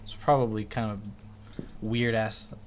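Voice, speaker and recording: A male streamer telling a long story in casual chat, rambling and swearing freely, and jumping into animated voices when he quotes people. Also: on the low side, measured pace, background noise.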